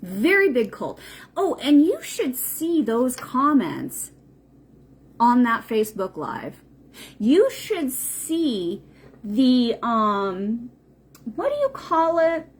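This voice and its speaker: A woman with a fairly high, husky, sing-song voice speaks slowly. She's a spiritual host on a livestream, talking off the cuff in a blunt way, with frequent swearing and emphatic repetition.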